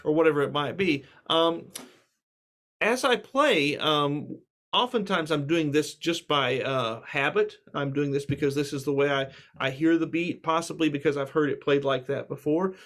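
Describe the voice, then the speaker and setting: Brief: male music teacher, slightly high voice, easygoing and reassuring, guitar heard between remarks. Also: normal speed, a bit bright. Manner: casual, reassuring teacher, frequent fillers. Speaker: music lecturer. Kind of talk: relaxed spoken lecture with instrument demos. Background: guitar playing.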